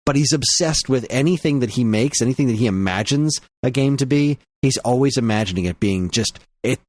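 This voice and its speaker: A man's voice: medium pitch, expressive, brisk, darkish tone, no echo. Rambling man telling a podcast story. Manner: rambling, storytelling, laughs often. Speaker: podcast co-host. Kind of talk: casual chat.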